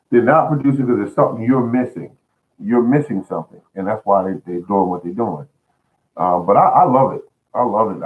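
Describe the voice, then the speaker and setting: Low-voiced man giving folksy garden tips. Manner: folksy, earnest, repeats words and restarts often. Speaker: host of a home gardening show. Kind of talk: casual spoken gardening advice. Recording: tinny phone-like sound.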